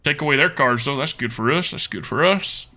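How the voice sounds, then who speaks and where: Man in a put-on Texan drawl, lively. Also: mid-range voice, a little fast. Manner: playful, joking with chat, laughs often. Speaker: streamer. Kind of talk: live-stream card game commentary.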